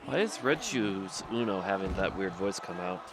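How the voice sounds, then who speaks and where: A man's voice: low-pitched, animated, moderate pace, crowd noise. A man chatting casually with a friend on a gaming stream, dropping dry, wry remarks. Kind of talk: casual gameplay chat.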